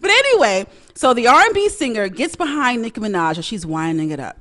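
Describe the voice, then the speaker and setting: A young woman from Brooklyn hosts her own talk segment, chatty and outspoken. Her voice sits fairly high and swoops all over the place. She laughs easily and dips into a Caribbean lilt when she gets going. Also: sing-song, a little fast, bright, forceful tone. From Brooklyn, New York. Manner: chatty, opinionated, laughs often, slips into Caribbean dialect. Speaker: host. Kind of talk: casual talk-show commentary.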